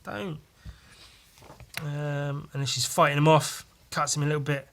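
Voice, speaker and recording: A man's voice: on the high side, completely flat delivery, brisk, a bit bright, a little hiss or hum. A man hosting a podcast, paging through a comic with casual, profane, rambling and jokey commentary. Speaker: podcast host.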